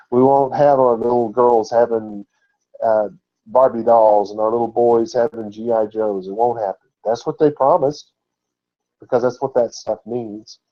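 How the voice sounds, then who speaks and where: A man's voice: medium pitch, dull audio. A man giving an informal, conversational sermon as a Bible teacher, often asking rhetorical questions.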